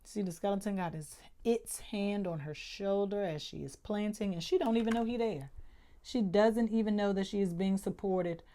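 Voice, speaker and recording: A woman's voice: medium pitch, normal speed, mellow. A woman with speech giving a casual, chatty monthly tarot reading as host, full of slang and frequent "okay?" check-ins. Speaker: tarot reader.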